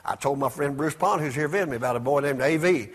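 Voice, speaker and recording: A man preaching a sermon in call-and-response style, asking the congregation to repeat words after him and swinging between loud exclamations and soft asides. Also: a little high, fast, husky.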